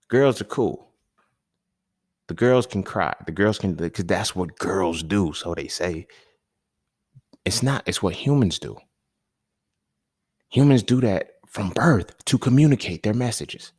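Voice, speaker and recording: A man hosting a podcast, talking in a loose, slangy, conversational monologue that keeps checking in with the listener, with sudden animated bursts and chuckles. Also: deep voice, a little slow, pauses often, dry recording, clean studio sound. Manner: loose, conversational, slangy, often asks "you feel me". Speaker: podcast host. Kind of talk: casual monologue.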